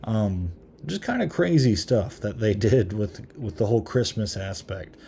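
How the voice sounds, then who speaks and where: A man's voice: on the low side, lively intonation, measured pace, creaky, warm tone, a little hiss or hum. A man hosting a podcast, giving a casual movie review in a rambling way, full of "um"s, with an occasional chuckle. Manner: rambling, many filler ums; chuckles now and then. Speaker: podcast host.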